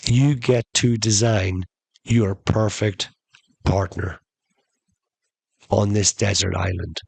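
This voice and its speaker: A man's voice: on the low side, steady tone, slow pace, gravelly, a little mellow, slightly rough, dry recording, exaggerated voice. A man doing a laid-back genie. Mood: explaining. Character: casual, offhand male genie.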